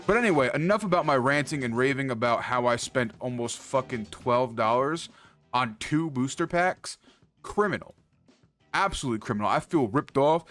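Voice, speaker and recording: Animated, profane man ranting to his stream. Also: medium pitch. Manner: swears constantly, animated, repeats himself when heated. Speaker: streamer ranting about card prices. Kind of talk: profane heated rant to stream chat. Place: indoor streaming setup.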